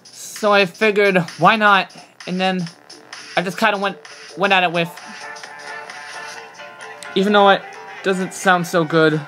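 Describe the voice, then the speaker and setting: A man's voice: high-pitched, fairly even intonation, unhurried, long pauses, sharp tone, faint music behind. A man streaming live, talking casually in a hesitant, apologetic, rambling way.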